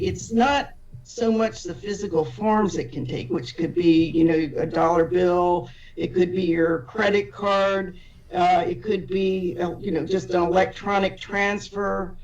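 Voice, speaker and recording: A woman explains her point patiently as a podcast guest, circling back and rephrasing as she goes. Her voice sits at a middle pitch for a woman. The audio is muffled and sounds as if she is some distance from the mic. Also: a little mellow. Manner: thoughtful, explains step by step with many restarts.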